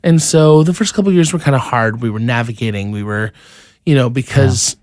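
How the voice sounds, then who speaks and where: An earnest young man talks in a relaxed, conversational way, restarting phrases as he tells a personal story. His voice sits at an ordinary pitch, recorded close on a dry mic. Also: fairly quick, dry recording. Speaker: podcast guest. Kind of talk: casual conversation.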